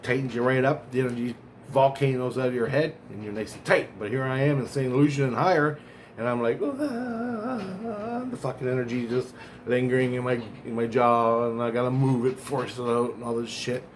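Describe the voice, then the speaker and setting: A man's voice: medium pitch, flat delivery, brisk, slight background noise. A man vlogging, telling a long personal story in a rambling, profane way, often restarting and correcting himself. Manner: profane, digressive, self-correcting.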